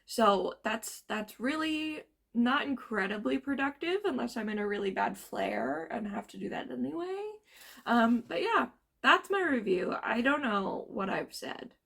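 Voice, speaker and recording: Tired woman vlogger with a fry-laden morning voice, gushing casual book review. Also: a little high, big pitch swings, unhurried, fairly bright tone. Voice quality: gravelly morning voice. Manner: chatty, gushing, trailing off.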